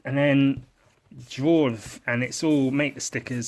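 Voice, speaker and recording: A man's voice: mid-range voice, measured pace, a little hiss or hum. A man hosting his own drawing podcast, rambling in a sweary, self-mocking comic monologue full of silly wordplay as he works at his desk. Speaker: podcast host.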